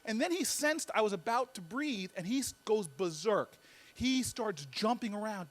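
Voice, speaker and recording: A man giving a humorous storytelling speech as a guest speaker, animated and full of comic timing, often repeating words as he builds up. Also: high voice, moderate pace.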